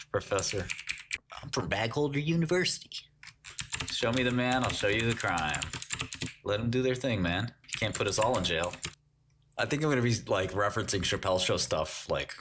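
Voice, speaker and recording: Speaking in a fairly low voice against a noisy background, a man in his forties hosts a relaxed livestream. Keyboard typing is audible as he jokes with viewers in chat and often laughs.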